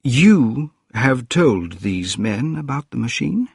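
A man voicing a tired gentleman inventor back from a journey, speaking quietly and slowly, often near a whisper. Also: medium pitch, big pitch swings, creaky, husky, no room sound, studio quality, voice pushed up, exaggerated voice. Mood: tired, hushed. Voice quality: quiet, worn-out and hushed.

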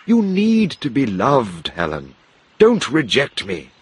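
A man playing an insistent gentleman suitor who pleads slowly and earnestly. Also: mid-range voice, wildly swooping pitch, husky, voice pushed up, exaggerated voice. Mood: pleading.

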